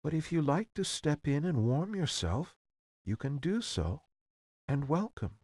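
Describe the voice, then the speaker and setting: A man voicing a gentle, good-natured young woman in a soft, raised voice, in a storybook reading. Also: fairly high pitch, big pitch swings, measured pace, dry recording, studio quality, voice pushed up. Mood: kind.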